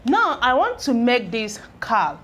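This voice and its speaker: A woman's voice: on the high side, wildly swooping pitch, a bit bright, slight background noise. A woman teaching English spelling, sounding out syllables one by one and checking that learners follow. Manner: slow, drawn-out syllables, sounding out each piece; asks learners if they follow. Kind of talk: phonics lesson at a board.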